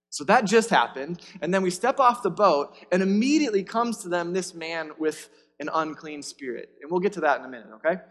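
A man's voice: on the high side, animated, moderate pace, few pauses, a bit bright, in a large hall. A man preaching a sermon, reading scripture and explaining it in a conversational way that checks in with listeners.

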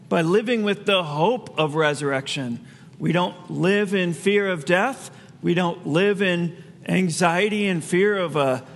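A man's voice: fairly high pitch, gravelly, in a large hall, a little hiss or hum. A man preaching a sermon as pastor, in a conversational way with asides he laughs at himself.

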